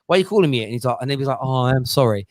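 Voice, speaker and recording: A man hosting a lively football fan panel, full of quick teasing banter. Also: medium pitch, heavy background noise. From England. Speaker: host of a football fan show.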